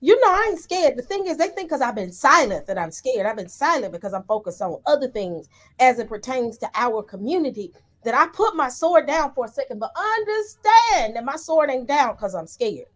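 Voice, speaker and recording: A woman on a panel discussion, talking forcefully and emphatically in a colloquial, heated way. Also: high-pitched, sing-song, normal speed.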